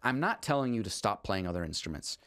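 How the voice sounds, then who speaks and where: A man's voice: fairly low pitch, very animated, fast, a bit bright, dry recording, studio quality. A man teaching music composition in a casual, rambling way, enthusiastic and full of restarts. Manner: rambling, with frequent restarts and fillers. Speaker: composer teaching on a video channel. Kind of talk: casual spoken lesson.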